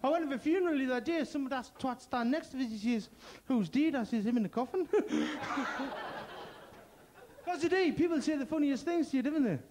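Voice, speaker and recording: A man's voice: extremely high pitch, lively intonation, fairly quick, darkish tone. A man from Gateshead with a Geordie accent doing a crude, punchy stand-up set and bantering with the crowd. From Gateshead, North East England. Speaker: stand-up comedian.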